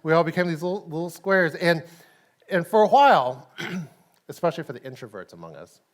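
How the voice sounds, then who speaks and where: A man with a Texan accent delivers a relaxed, conversational sermon at a church service. His voice sits fairly high, and he laughs easily and tosses in "right?" to keep the congregation with him. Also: fairly quick. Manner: chatty, laughs often, says "right?" a lot. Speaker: pastor.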